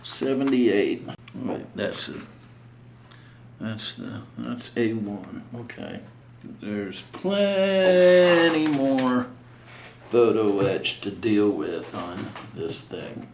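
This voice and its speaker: A man's voice: fairly low pitch, lively intonation, drawn-out words, gravelly, a little mellow, reverberant, slight background noise. A man building a scale model on a casual vlog, muttering to himself in frustration as he works.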